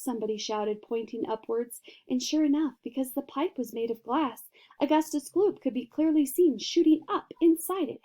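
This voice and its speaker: A woman reading a children's storybook aloud with expressive, dramatic narration. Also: high-pitched, normal speed. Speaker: reader.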